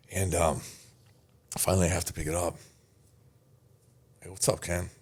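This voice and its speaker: Deep-voiced man telling a grief story. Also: flat delivery, moderate pace, pauses often, a little mellow, husky. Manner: emotional, earnest, swearing at times, drops to near-whisper in sad moments. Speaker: podcast guest. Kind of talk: personal storytelling in a podcast.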